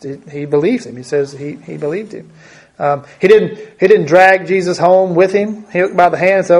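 A man's voice: sits high, normal speed. A man preaching a conversational Bible teaching, thinking aloud and often repeating his words.

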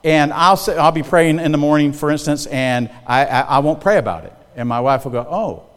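A middle-aged man preaches in a folksy, conversational style and keeps asking his listeners whether they are following. His voice sits a little high for a man. The sound rings with the long reverb of a large hall. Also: steady tone, a little fast, fairly bright tone. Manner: folksy, conversational, checks in with the congregation. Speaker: pastor. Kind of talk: sermon.

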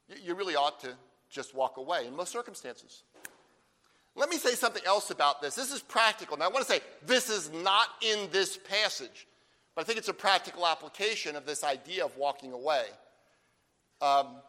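A man preaching a sermon, emphatic, with slow stressed phrases and rhetorical questions. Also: high-pitched, animated, sharp tone. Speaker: pastor. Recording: long hall reverb.

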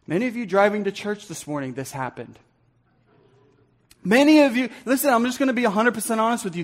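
A man with a notably high voice preaches to his congregation from the pulpit. He speaks earnestly and directly, dropping into low mutters to act out angry words under the breath. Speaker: pastor. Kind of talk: sermon. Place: church sanctuary.

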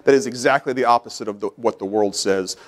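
A middle-aged preacher in a church sanctuary, mixing calm scripture teaching with surges of raised, high-pitched fervor. He speaks in the rhythm of a pulpit sermon, repeating phrases as he climbs in volume. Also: fast. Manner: builds from quiet to loud preaching, rising in pitch as he presses. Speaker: pastor.

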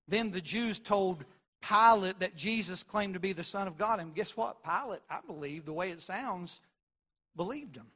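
A male pastor delivers a sermon in a high, bright, forceful voice. He presses his points with repetition and swings between loud declarations and soft asides.

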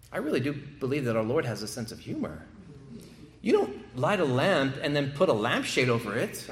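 A man preaching an expository sermon, building to emphatic swells and slowing down to stress key phrases. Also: medium pitch, wildly swooping pitch. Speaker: pastor. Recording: echoey room.

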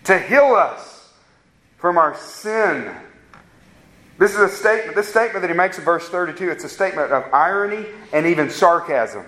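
A man with a notably high voice delivers an earnest sermon, pressing his listeners with question after question. His words ring out in a roomy, echoing space. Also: fairly bright tone. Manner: earnest preaching with rhetorical questions to the congregation. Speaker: pastor. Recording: roomy echo.

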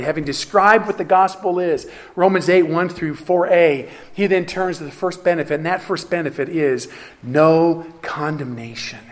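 Brief: male preacher, high voice, emphatic, teaching delivery. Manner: emphatic teaching, frequent "okay" asides and self-corrections. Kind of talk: sermon.

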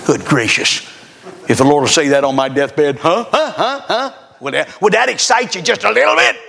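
Gravelly revival preacher. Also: male voice, medium pitch, lively intonation, moderate pace. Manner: fiery, swings from loud exhortation to hushed scripture reading. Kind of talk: sermon.

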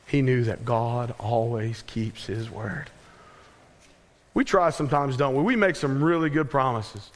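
A man in his thirties or forties preaching a sermon as pastor, earnest, dropping his voice low and slow on key words. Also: long reverb tail.

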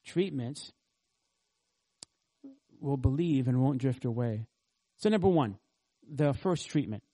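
Mellow-voiced man preaching a sermon. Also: on the high side. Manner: earnest teaching with rhetorical questions. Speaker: pastor. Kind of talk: expository sermon.

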